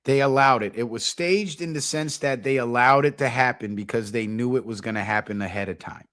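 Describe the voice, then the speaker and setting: A man's voice: medium pitch, fairly quick, a bit bright. Loose, laughing male streamer at home. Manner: loose, profane, laughs often. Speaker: channel host. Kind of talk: casual livestream commentary. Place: at home, alone.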